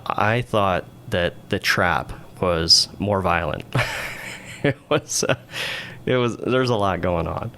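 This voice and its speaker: A man with a very low, gravelly voice tells a story in a relaxed, rambling way. He is a naval aviator guesting on a podcast and keeps checking in with "right?". A faint hiss sits under the voice. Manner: rambling, conversational, frequent "right?" tags. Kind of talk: casual storytelling interview.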